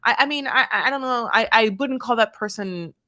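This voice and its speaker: A woman's voice: fairly high pitch, fairly quick, bright, forceful tone. A woman co-hosting a casual podcast chat, thinking aloud with restarts and fillers before landing on firm opinions. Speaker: podcast co-host.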